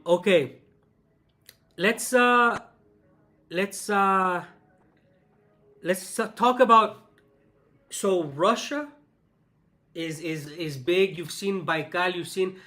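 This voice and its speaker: A young Mexican man with a Mexican Spanish accent, chatting casually on his vlog in an animated, emphatic way. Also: high-pitched. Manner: animated and emphatic, mock-exasperated. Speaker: vlogger. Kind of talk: casual chat.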